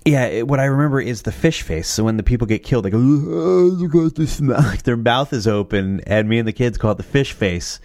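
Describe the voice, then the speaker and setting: A man's voice: lowish voice, quick pace, hardly any pauses, a little mellow. A man casually chatting about horror movie themes, rambling, correcting himself and swearing offhand. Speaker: host. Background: faint music playing.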